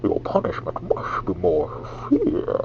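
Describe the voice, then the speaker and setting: A man voicing a menacing masked male villain in a breathy, muffled whisper, with slow, heavy delivery. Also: deep voice, huge pitch swings, a little mellow, heavily acted. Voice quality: breathy, whispered, muffled through a clamped nose.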